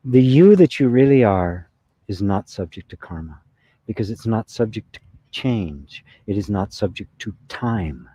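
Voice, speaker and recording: Unhurried and husky, this man's fairly low voice has lively intonation as he leads a satsang in a conversational style, sprinkling in "right?" and gentle laughs. The recording is lo-fi with no room sound.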